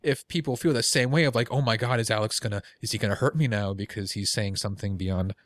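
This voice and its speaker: A man's voice: lowish voice, fast talker, no echo. A man guesting on a podcast in casual chat, laughing easily and telling stories with acted quotes, on a close studio mic.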